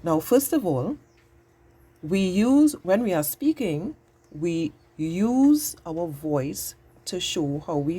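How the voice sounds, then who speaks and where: A woman teaching a patient, exaggerated grammar lesson to young children, speaking slowly and clearly. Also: on the low side, mellow.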